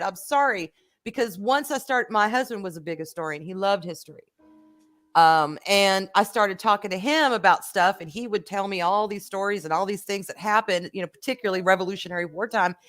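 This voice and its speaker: Lively woman chatting casually. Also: mid-range voice, fairly quick. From Georgia, US. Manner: animated, laughs often, casual swearing. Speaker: streamer host. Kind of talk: casual chat while building.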